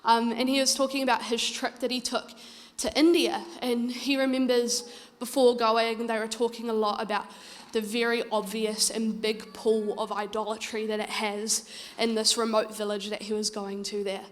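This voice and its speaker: A woman's voice: on the high side, little pitch movement, normal speed, in a large hall. A woman preaching a sermon, earnest and urging, telling stories in a conversational way. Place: church.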